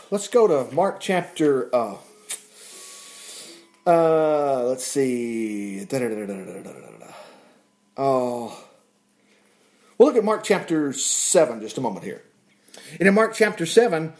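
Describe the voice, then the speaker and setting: A man's voice: on the high side, darkish tone. A man preaching a casual, folksy sermon, often laughing and dropping in "praise the Lord". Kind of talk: conversational sermon.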